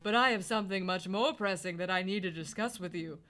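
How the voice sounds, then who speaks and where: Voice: mid-range voice, a little fast, pushed and bright, soft background music, close to an everyday voice. A player doing a smug prying bird lawyer.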